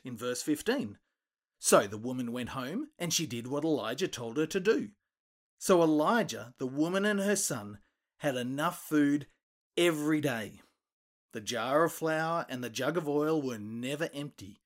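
A man retelling a Bible story for children, lively and expressive, acting out the quoted lines. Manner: animated, acts out quoted voices with big pitch jumps.

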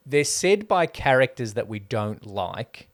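A man co-hosting a casual film review podcast, explaining his views in a measured, thorough way. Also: medium pitch, sing-song, no room sound, clean studio sound. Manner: explains points at length, measured. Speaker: podcast co-host.

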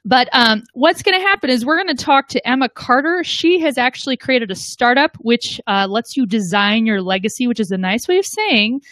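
A woman's voice: fairly high pitch, lively intonation, normal speed, few pauses, fairly bright tone, dry recording. A woman talking as a guest host on a live show, chatty and playful. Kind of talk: casual live show chat.

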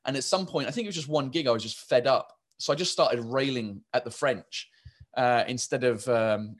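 A man's voice: mid-range voice, normal speed. Rambling English man in casual chat. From England. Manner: rambling, many restarts and fillers. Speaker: stand-up comedian, guest.

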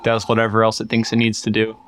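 A man's voice: fairly low pitch, completely flat delivery, fast, a little hiss or hum. A man co-hosting a podcast in casual chat, rambling with lots of fillers and restarts. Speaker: podcast co-host. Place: workshop.

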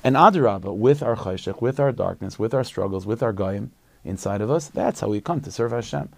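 A man, a religious teacher, telling a story as a short sermon in a conversational, halting way with many restarts. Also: lowish voice, animated, a little mellow, dry recording.

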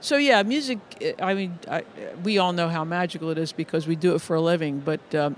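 High-voiced middle-aged man, earnest storyteller. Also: a little fast, hardly any pauses, slight background noise. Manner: earnest, with frequent restarts and repeated words. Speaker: music educator. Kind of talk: conversational interview storytelling.

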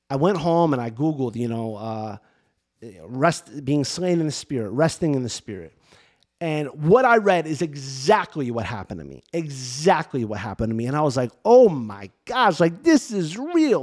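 A middle-aged man, a priest, telling a personal faith story in casual, animated talk with many restarts and fillers. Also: a little high. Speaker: priest and podcast host. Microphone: camera and mic for video podcast.

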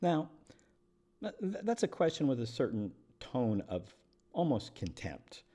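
A man's voice: mid-range voice, very animated, unhurried, dark tone, husky. A middle-aged man hosting a podcast, speaking candidly and reflectively in one unscripted take, with restarts and wry chuckles. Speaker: podcast host and attorney.

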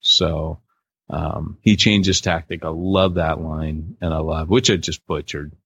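A man's voice: a bass voice, steady tone, a little slow, creaky, fairly bright tone, breathy edge. A man co-hosting a podcast in casual chat, rambling and cutting himself off, laughing often. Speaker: podcast co-host. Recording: dull lo-fi dry sound.

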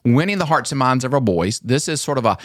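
A man hosting a podcast, chatting casually and acting out quoted lines with lively jumps in his voice. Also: fast talker, dry recording, studio quality. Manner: animated storyteller, acts out quotes with pitch jumps. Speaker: podcast host.

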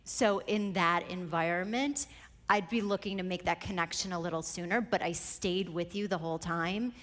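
A woman with a lower voice gives measured feedback to a contestant, praising before she critiques. Her voice rings with long reverb from a big room. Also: steady tone, a bit bright. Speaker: judge giving feedback. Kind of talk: live judge feedback.

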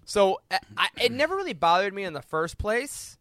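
A man's voice: sits high, big pitch swings, brisk, bright, forceful tone, dry recording, studio quality. A young man co-hosting a podcast, chatting casually and enthusiastically. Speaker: podcast co-host. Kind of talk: casual chat.

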